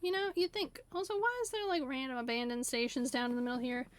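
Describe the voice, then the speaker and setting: A woman streamer giving casual, chatty gameplay commentary in a playful way that is quick to laugh, recorded on a desk mic at home. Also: high-pitched, fairly even intonation. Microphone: desk USB condenser mic. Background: faint game music.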